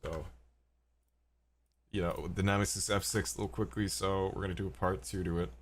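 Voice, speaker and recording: A man's voice: deep voice, steady tone, brisk, slight background noise. A young adult man giving profane, rambling gameplay commentary as a streamer. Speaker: gaming streamer.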